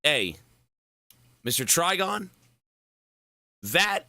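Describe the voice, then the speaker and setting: A hoarse man chats with his stream audience, loose and swearing, clearly worn out in the throat. His unhurried talk has a bright, sharp edge and bounces between high and low. The sound is dry and close. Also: sing-song, no echo. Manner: slow, loose, swearing banter. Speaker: gaming livestreamer. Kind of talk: casual live-stream chat.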